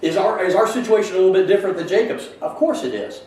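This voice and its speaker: A man's voice: sits high, quick pace, darkish tone. Man teaching a Bible class in an echoey room. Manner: thinks aloud, asks the class questions. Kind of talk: conversational Bible lesson. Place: church classroom. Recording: very echoey room, mic far off, faint hiss.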